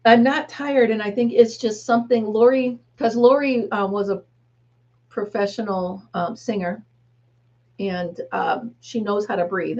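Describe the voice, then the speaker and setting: A woman's voice: medium pitch, steady tone, measured pace, a little mellow, lo-fi sound. A woman in her fifties, a grandmother, hosting a casual live chat with viewers, rambling and laughing often. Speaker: livestream host.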